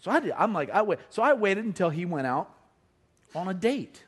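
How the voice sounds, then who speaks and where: A man's voice: high-pitched, brisk, breathy edge. A middle-aged man telling a comic family story to an audience, acting out the voices of his relatives. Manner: animated, acts out family members' voices.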